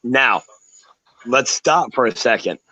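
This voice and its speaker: A man's voice: medium pitch, expressive, slow, pushed and bright, no echo. A man joining a sports talk show over a video call, ranting like a showman with mocking flair. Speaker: guest commentator. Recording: dull lo-fi call audio.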